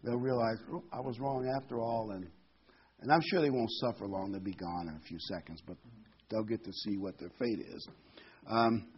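Husky man teaching scripture folksily. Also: lowish voice, moderate pace, muffled recording. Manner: folksy, with corny jokes and many fillers. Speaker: preacher. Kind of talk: informal Bible teaching.

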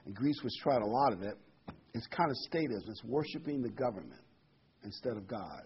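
A middle-aged man preaching a prophecy sermon, reading scripture and repeating phrases for emphasis, his loudness rising and falling. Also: medium pitch, lively intonation, a little fast, slight background noise. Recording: dull lo-fi sermon recording.

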